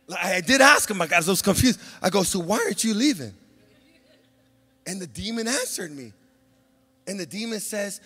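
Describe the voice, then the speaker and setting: A male pastor delivering a sermon, who swings between shouting exhortation and soft, low confiding talk. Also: expressive, moderate pace, slightly rough. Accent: Southern Californian. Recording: long church-hall reverb.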